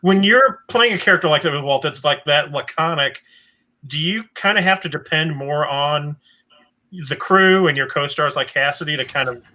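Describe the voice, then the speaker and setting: Bright-voiced male host. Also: on the high side, normal speed, low-quality recording. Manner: searching, hedged questions with fillers. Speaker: interview host. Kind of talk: casual video interview.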